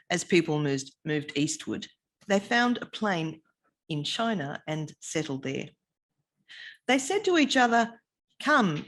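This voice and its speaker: A woman with a somewhat low voice reads a scripture passage aloud. Her delivery is steady and measured, with a calm reading cadence. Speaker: scripture reader.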